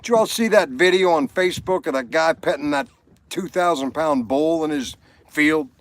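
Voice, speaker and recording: A man's voice: fairly high pitch, normal speed. A man hosting a casual livestream, rambling between topics and talking to viewers by name. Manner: rambling, reads viewer comments aloud. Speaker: livestream host. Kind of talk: casual chat.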